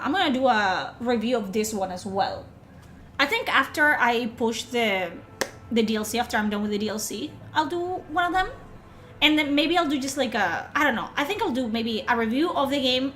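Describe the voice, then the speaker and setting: A woman's voice: a little high, a bit bright. A woman streamer chatting casually with her audience, chatty and profane, joking between game lines.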